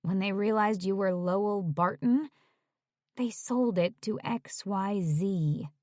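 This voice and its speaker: A woman voicing a nervous, guilt-ridden young woman who talks quickly. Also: mid-range voice, a little mellow, dry recording, studio quality, lightly acted.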